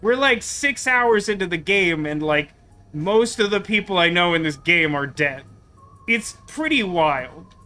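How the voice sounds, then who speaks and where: A man's voice: high voice, expressive, a little slow, bright, forceful tone, soft background music. A man streaming a video game, talking in a wry, rambling, sarcastic way in casual let's-play commentary.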